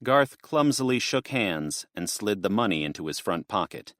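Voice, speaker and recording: A steady, measured male narrator reads a scripted audiobook in a voice on the low side. The recording has studio quality and no room sound.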